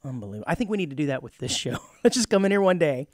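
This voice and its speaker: A man co-hosting a podcast in casual chat, joking with quick asides. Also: fairly high pitch, very animated, dry recording, clean studio sound. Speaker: podcast co-host.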